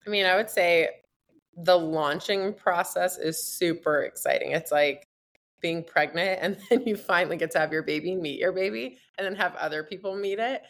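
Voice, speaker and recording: A woman who is a guest entrepreneur and mother, chatting in an interview, laughing often and telling lively stories. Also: lowish voice, normal speed. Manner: laughs often, animated storytelling. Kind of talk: casual interview chat.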